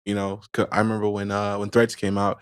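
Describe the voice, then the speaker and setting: A man as a podcast guest in casual conversation, relaxed and chatty, often adding "you know". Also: lowish voice, a little fast, smooth, dry recording, studio quality.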